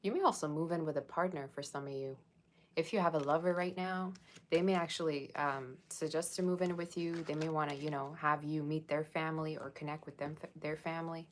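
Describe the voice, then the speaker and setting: A woman's voice: deep voice, steady tone, a little fast, background noise. A woman giving a casual tarot reading, chatting and rambling straight to her viewers. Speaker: tarot reader.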